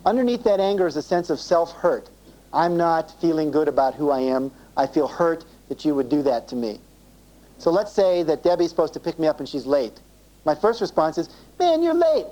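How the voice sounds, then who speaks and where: On an old cassette tape of low quality, a man with a mellow, slightly high voice leads a live self-esteem seminar. He acts out little dialogues in quoted voices and poses questions to the room.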